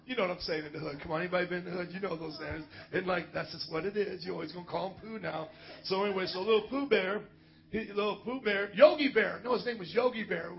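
High-voiced pastor telling lively stories. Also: male voice, creaky, muffled recording. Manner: animated, joking, often laughs mid-story. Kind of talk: sermon storytelling.

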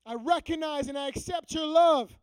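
A man preaching a sermon to a youth group, mixing slangy everyday talk with scripture and dropping to a hushed, prayerful tone. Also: very high voice, moderate pace, dry recording, poor audio. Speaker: youth pastor.

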